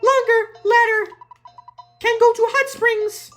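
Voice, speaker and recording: A woman's voice: very high voice, fairly even intonation, takes it slowly, fairly bright tone, soft background music, voice pushed up, exaggerated voice. A woman voicing a small, childlike alien creature that chirps in broken speech and sound-effect words. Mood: chirpy.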